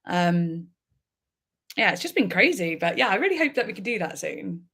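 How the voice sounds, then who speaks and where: A woman's voice: on the low side, very animated, moderate pace, a bit bright, husky. A woman, a music reaction YouTuber, chatting casually and rambling on a livestream, laughing often.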